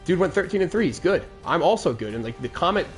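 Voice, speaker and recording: A man's voice: fairly high pitch, sing-song, fast, faint music behind. A man in his twenties hosting a game commentary show, recapping a lost Madden game in a crude, aggrieved rant. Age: 20s.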